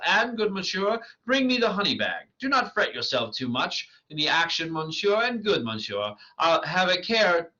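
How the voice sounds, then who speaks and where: A man's voice: fairly high pitch, sharp tone, pitched above the performer's own voice. A man reading the part of a foolish male weaver with a donkey's head, in a boastful, bumbling manner. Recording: lo-fi dull recording.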